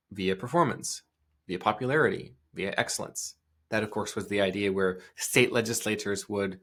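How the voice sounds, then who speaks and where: A man's voice: on the low side, fairly bright tone. A male podcast host giving discursive solo commentary, full of asides and restarts.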